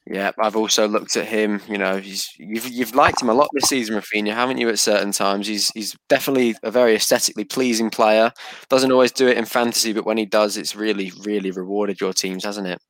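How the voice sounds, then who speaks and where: A man's voice: on the low side, fairly even intonation, fast talker, a bit bright, no echo. A man hosting a casual podcast, steering the conversation from pick to pick. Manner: leads the picks, steers the talk. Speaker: podcast host. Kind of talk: casual chat.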